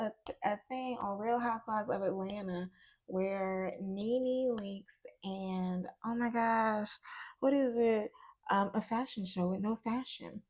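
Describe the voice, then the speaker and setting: A woman's voice: mid-range voice, fairly even intonation, measured pace, a little mellow. A woman giving a casual tarot reading while chewing gum, chatty and musing aloud, often laughing and trailing off. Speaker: tarot reader.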